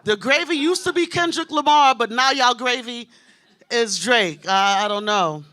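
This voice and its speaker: A woman from Queens, doing a brash, animated stand-up set on a comedy club stage and talking straight to the crowd. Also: fairly high pitch, a little slow. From Queens, New York. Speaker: stand-up comic.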